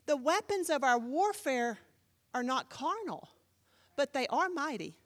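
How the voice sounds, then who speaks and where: A woman pastor preaching a sermon with animated storytelling, acting out the voices of the people she quotes. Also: high-pitched, unhurried, long reverb tail.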